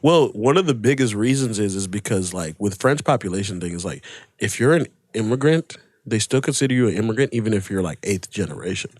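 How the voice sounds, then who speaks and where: A man's voice: on the low side, brisk, no echo, studio quality. A man with a slight African accent, a comedian chatting casually as a podcast guest, laughing as he tells stories. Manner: laughs often, animated storytelling.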